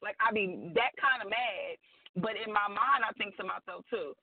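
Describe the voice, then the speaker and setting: Blunt gravelly woman on a phone line. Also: medium pitch, normal speed. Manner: outspoken, blunt and emphatic with slang. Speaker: guest author. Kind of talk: casual radio chat.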